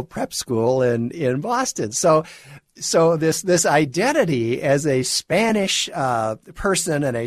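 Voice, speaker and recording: A man guest-hosting a talk radio show, delivering a wry monologue with chuckles and halting restarts. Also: fairly high pitch, no room sound, studio quality.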